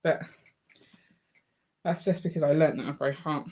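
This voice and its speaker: Chatty teasing woman, low-ish voice. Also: fairly even intonation, measured pace, a little mellow. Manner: chatty and teasing, laughs often. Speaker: co-host of a live building stream. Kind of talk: casual chat while building. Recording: faint background noise and clicks.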